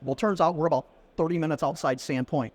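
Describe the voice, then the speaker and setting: A man's voice: on the high side, quick pace. A middle-aged man, a podcast guest, telling a casual anecdote and acting out the dialogue as he goes. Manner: lively storyteller who acts out quoted dialogue. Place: conference venue.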